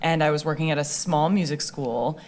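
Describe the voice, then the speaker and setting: A woman's voice: low voice, normal speed, a little mellow, a little hiss or hum. Enthusiastic woman hosting a podcast. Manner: enthusiastic, encouraging interviewer. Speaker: podcast host. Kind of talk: conversational podcast interview.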